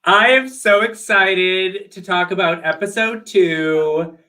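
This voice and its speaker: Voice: medium pitch, takes it slowly, pushed and bright. A co-host of a live drag race recap show, chatting casually in a playful, teasing way. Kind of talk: casual live-stream chat.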